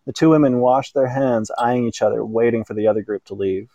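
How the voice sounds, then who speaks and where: A man reading an erotic story aloud in an unhurried way, now and then stumbling and correcting himself. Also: mid-range voice, fairly even intonation, dark tone, no echo, highs cut off. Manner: unhurried reading with small slips and self-corrections. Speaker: narrator.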